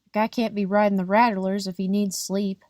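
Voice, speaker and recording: A woman's voice: mid-range voice, level tone, a little fast, a little mellow, no echo, clean studio sound, natural voice. A woman voicing a grumbling male vagrant complaining from his bunk in an audiobook.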